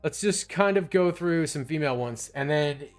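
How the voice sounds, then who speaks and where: A man's voice: on the high side, normal speed, soft background music. A man hosting a live stream in casual talk, rambling and restarting his sentences often. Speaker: streamer host.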